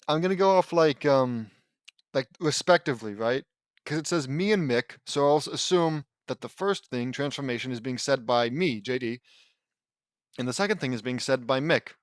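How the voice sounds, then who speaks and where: A man's voice: mid-range voice, no room sound, studio quality. A man reading fan fiction aloud, breaking off for sarcastic, complaining asides. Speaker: audiobook reader.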